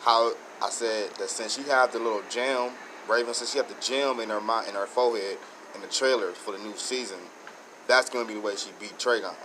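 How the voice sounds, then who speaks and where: Rambling low-voiced man reviewing a show. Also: fairly quick, noisy background. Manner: rambling, excited, many restarts. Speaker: show host reviewing episodes. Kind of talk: casual solo review.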